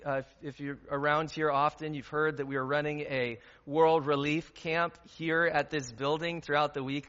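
A man's voice: on the high side, a bit bright. A man preaching a sermon as a pastor, talking in an earnest, conversational way with fillers. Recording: dull sound with long hall reverb.

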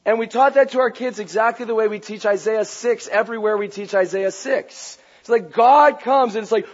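A pastor preaching a sermon, animated and playful, raising his voice to a shout for emphasis. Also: very high-pitched, normal speed, few pauses. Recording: dull lo-fi recording.

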